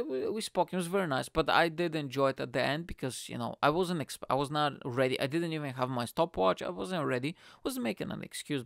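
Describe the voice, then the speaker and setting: Gravelly, smooth-voiced man telling stories. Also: medium pitch, dry recording, clean studio sound. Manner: rambling, profane, animated quotes. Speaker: stand-up comedian. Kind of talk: casual storytelling.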